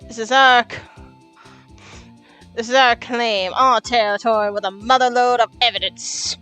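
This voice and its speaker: A woman voicing a swaggering Western male lawman, reading game dialogue with a loud cowboy drawl. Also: fairly high pitch, steady tone, measured pace, clear, resonant tone, soft background music. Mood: threatening.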